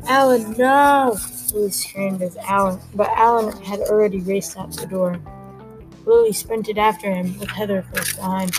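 A woman reads a story aloud in a quick, plain way, moving briskly from line to line. Her voice sits at a middling pitch. Music plays clearly underneath the whole time. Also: fairly even intonation, low-quality recording. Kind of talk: reading an original story aloud.

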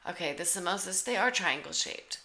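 A woman's voice: on the low side, lively intonation, a little fast, sharp tone. A woman giving sarcastic, teasing play-by-play commentary over a cooking show. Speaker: comedic commentator.

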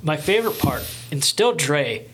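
Chatty young man, slightly high voice. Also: sing-song, normal speed, fairly bright tone, a little hiss or hum. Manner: enthusiastic, rambling with restarts. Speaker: podcast co-host. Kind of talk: casual chat.

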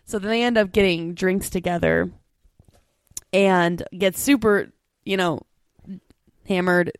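A young woman co-hosting a casual chat, talking fast with lots of "like" and little laughs. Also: fairly low pitch, fairly even intonation, clean tone, dry recording, studio quality. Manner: chatty, quick, full of "like" and little laughs. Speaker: co-host.

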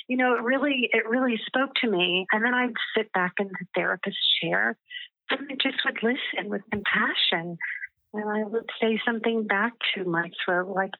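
A woman guest talks gently and earnestly and often restarts her sentences. Her voice comes through a tinny, phone-like line, and the sound is dry and close with no room echo. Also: medium pitch. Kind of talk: casual personal storytelling.

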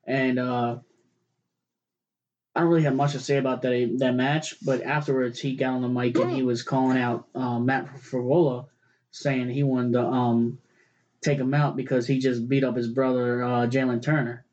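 A man's voice: mid-range voice, level tone, normal speed, darkish tone, muffled recording. A man co-hosting a casual fight talk podcast, rambling and swearing as he restarts his sentences. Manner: rambling, profane, restarts often. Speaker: podcast co-host. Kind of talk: casual chat about fights.

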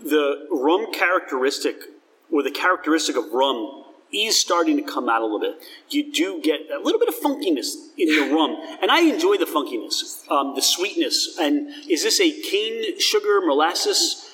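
A man's voice: on the high side, big pitch swings, moderate pace, fairly bright tone, distant mic, slight background noise. A man hosting a casual tasting chat, talking enthusiastically and descriptively in a rambling way. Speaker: host. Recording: long hall reverb.

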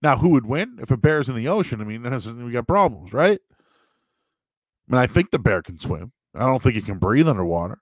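A man riffing loosely with his viewers, voice leaping up high when he gets worked up, then dropping right back down. The sound is dry and close, with no room around it. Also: fairly quick, no room sound. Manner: animated, joking, restarts a lot. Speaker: live-stream host answering chat questions. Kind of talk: casual rambling chat.

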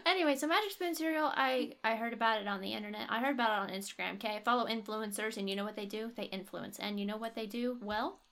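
A woman's voice: a little high, fast talker, creaky, hardly any pauses, fairly bright tone. A young woman co-hosting a podcast, chatting casually and reviewing a product with strong opinions and frequent laughs. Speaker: podcast co-host.

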